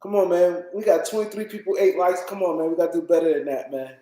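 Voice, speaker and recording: A man's voice: high-pitched, fairly even intonation, fast, dark tone, echoey room, low-quality recording. A tired man hosting a casual livestream, rambling and repeating himself as he talks to his chat. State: tired, yawning. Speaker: livestream host.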